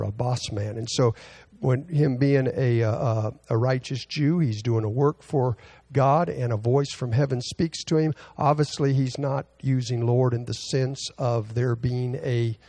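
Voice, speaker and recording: Man, preacher, Bible teaching, mellow dark tone, gravelly, stops and restarts often. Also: mid-range voice. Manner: halting, many fillers and restarts, reads scripture aloud.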